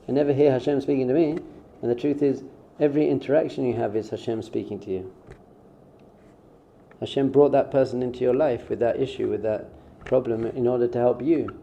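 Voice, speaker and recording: Man with a very dark, muffled voice. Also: mid-range voice, fairly even intonation, fairly quick, slight background noise. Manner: informal, acts out short quoted exchanges. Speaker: rabbi. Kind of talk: conversational spiritual teaching. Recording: dull, muffled sound.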